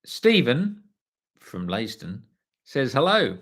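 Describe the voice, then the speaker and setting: A man's voice: mid-range voice, very animated, takes it slowly, fairly bright tone. A man hosting a casual livestream, greeting viewers by name, swearing offhandedly, and sounding tired. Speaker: livestream host reading viewer comments. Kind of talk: casual live chat.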